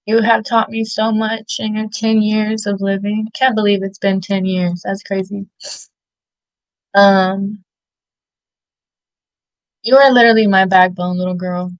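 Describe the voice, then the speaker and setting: Woman, 30s, slow, dry sound, tearful, heartfelt, interview guest. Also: mid-range voice, level tone, dry recording, highs cut off. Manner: tearful, heartfelt, halting with many fillers. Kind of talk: emotional interview, giving shout-outs.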